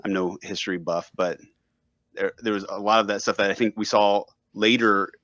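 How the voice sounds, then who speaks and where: A man's voice: lowish voice, fairly even intonation, moderate pace, a bit bright, dry recording, dull audio. A man, a radio host appearing as a podcast guest, talking thoughtfully in casual conversation and hedging often with fillers.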